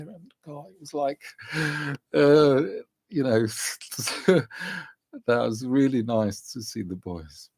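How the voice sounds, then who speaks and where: A man vlogging, telling a story in a rambling way, chuckling often and filling pauses with "you know" and "um". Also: mid-range voice, darkish tone, no room sound. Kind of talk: casual storytelling.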